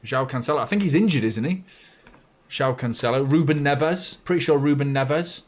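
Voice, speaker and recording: A man hosting a live match watchalong, chatty and blunt, bursting into excited shouts when his team scores. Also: mid-range voice, a little fast. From north of England. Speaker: fan channel host.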